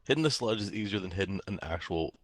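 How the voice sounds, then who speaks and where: A man's voice: low-pitched, lively intonation, fast talker, no room sound. A man playing in an online tabletop game, laid-back and offering tips to the game master. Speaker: player. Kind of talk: casual game chat.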